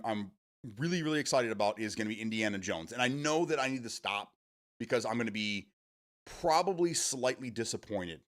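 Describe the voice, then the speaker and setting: A middle-aged man chats loosely through a live stream, rambling from one thought to the next. His pitch swings up and down a lot, and he keeps laughing at his own stories in an easygoing, self-amused way. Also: a bit bright. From Michigan, USA. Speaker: streamer host. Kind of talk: casual live-stream chat.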